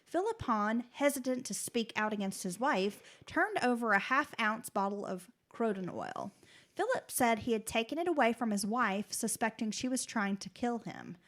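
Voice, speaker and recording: A woman co-hosts a true crime podcast, reading her script at a steady clip. Now and then she slips into a casual, conversational aside. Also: on the high side. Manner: steady reading, breaks into chatty comments. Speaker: podcast co-host.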